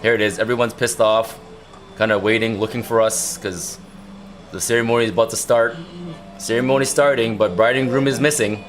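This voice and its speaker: A man hosting a casual livestream, talking in an excited, rambling way and often repeating himself. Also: medium pitch, brisk, soft background music. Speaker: livestream host. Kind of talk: casual chat.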